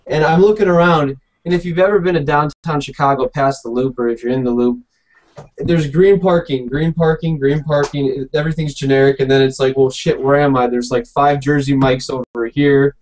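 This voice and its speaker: A man's voice: mid-range voice, normal speed, rough recording. A man telling a rambling story in casual podcast chat, acting out what people said. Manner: rambling, animated, acts out quotes. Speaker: podcast co-host.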